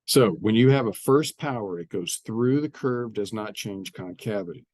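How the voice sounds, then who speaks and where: A man's voice: fairly low pitch, expressive, moderate pace, darkish tone, no echo. A man teaching a math lesson, explaining step by step and often repeating his phrases. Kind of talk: classroom math lecture.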